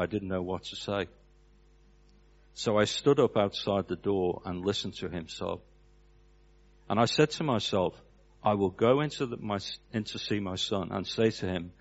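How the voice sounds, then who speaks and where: A man preaching a sermon, telling a story with an earnest cadence that drops away at the ends of phrases. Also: lowish voice. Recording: dull lo-fi recording.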